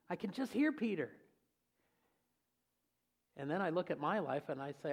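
Man, pastor, sermon, folksy jokes, lively storytelling, high voice. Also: moderate pace, long pauses.

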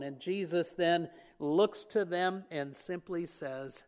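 A man's voice: on the high side, slow, few pauses, a little mellow, clear, resonant tone. A man preaching a sermon, retelling a story and acting out the lines of the people in it. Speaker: pastor.

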